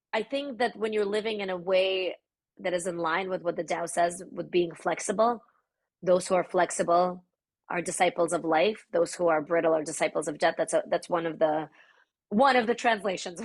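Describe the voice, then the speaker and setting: A woman from the Soviet Union whose first language is Russian, a podcast guest speaking in a thoughtful, searching way. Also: on the low side. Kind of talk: reflective conversational interview.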